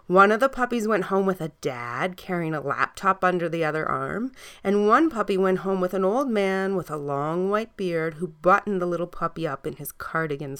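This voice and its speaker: A woman reading a children's story aloud, gentle and soft, sometimes dropping almost to a hush. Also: fairly low pitch, clear, resonant tone.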